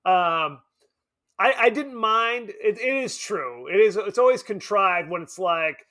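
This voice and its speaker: A man with a notably high, bright voice chats through a casual film review as podcast co-host. His pitch swoops widely as he jokes and pokes fun at himself, keeping things lively. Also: measured pace. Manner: animated, joking, self-deprecating.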